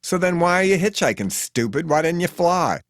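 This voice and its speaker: A man's voice: fairly high pitch, very animated, normal speed, no room sound, studio quality, pitched above the performer's own voice. A man voicing a hard-as-nails, hostile woman driver who rants and picks fights in an audiobook. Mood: brash, confrontational. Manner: ranting, confrontational.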